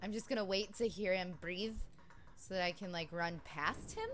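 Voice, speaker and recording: A woman's voice: on the low side, normal speed, a bit bright, slight background noise. A woman streaming a horror game, talking nervously and swearing when scared. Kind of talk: live gaming stream chat.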